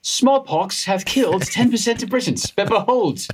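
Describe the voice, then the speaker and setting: A man putting on a posh English accent to play a pompous old-fashioned gentleman. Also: high-pitched, expressive, normal speed, a little hiss or hum, pitched above the performer's own voice. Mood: grandiose. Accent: mock posh English. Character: stuffy old-fashioned English gentleman reading a mock tweet.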